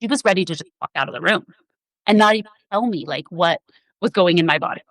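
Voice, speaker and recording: A woman's voice: on the low side, brisk, dry recording, poor audio. A woman physician assistant, a podcast guest, telling a personal story in an earnest, emotional way.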